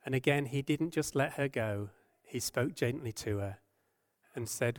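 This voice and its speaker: A man preaching a sermon, earnest and gentle, asking rhetorical questions and dropping his voice and slowing down when he quotes scripture. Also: medium pitch. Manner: softens and slows when quoting scripture.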